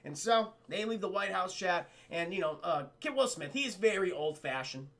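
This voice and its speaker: A man streaming a rambling, profane scene-by-scene film recap to his chat, acting out lines in quick impressions. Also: high-pitched, animated, a bit bright. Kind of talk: casual profane movie recap.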